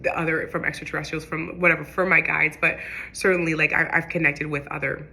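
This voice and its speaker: Young woman, rambling casual storytelling, fillers and restarts, bright voice. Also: sits low, flat delivery, quick pace, vocal fry. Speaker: spiritual vlogger.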